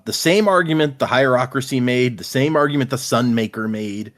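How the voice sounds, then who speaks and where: A man's voice: mid-range voice, a little fast, few pauses. A man co-hosting a casual book discussion podcast, animatedly retelling scenes and paraphrasing characters. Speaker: podcast co-host.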